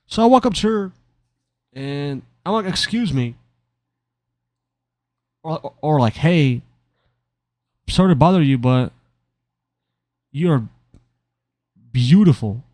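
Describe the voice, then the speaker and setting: A man's voice: on the high side, lively intonation, slow, long pauses, darkish tone, no echo. A young man casually telling a rambling, self-mocking story over gameplay, often stumbling and repeating his words. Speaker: gaming commentator.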